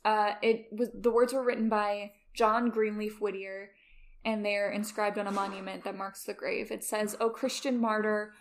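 A woman cohosting a podcast in casual chat, earnest and quick to laugh. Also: mid-range voice, little pitch movement. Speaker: podcast co-host.

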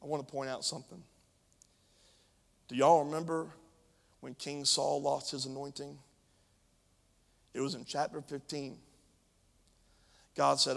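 Emphatic preacher in a reverberant hall. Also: male voice, a little high, little pitch movement, a little slow, creaky, long pauses. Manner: emphatic, reading scripture and preaching directly to the room. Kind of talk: sermon.

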